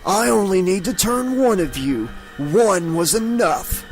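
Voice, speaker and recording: A man's voice: high voice, lively intonation, measured pace, faint music behind, voice pushed up. A man voicing a sadistic, mocking male dream demon who hisses and gloats in a storybook reading. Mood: taunting. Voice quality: hissing, gloating, chuckling.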